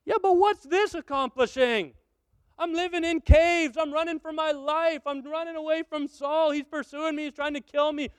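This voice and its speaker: A man's voice: very high-pitched, fairly even intonation, moderate pace, dry recording, pitched above the performer's own voice. A man acting out the young biblical David as he pleads and complains to God during a sermon. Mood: pleading.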